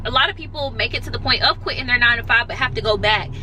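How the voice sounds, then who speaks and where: A woman's voice: a little high, racing, low-quality recording. A woman chatting to her viewers in a casual vlog, emotional and close to tears, calling them y'all. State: near tears. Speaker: vlogger.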